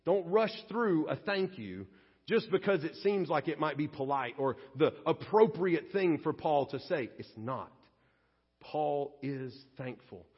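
A man's voice: on the high side, lively intonation, unhurried, slightly rough. A man preaching a sermon as pastor, folksy and conversational, acting out little everyday scenes. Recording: dull lo-fi audio with long church reverb.

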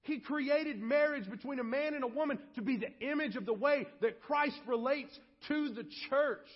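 A male pastor preaching a sermon, animated and acting out quoted voices. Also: very high voice, normal speed, big-room sound. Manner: animated, acts out quoted voices and shouts for effect. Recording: dull lo-fi sermon audio.

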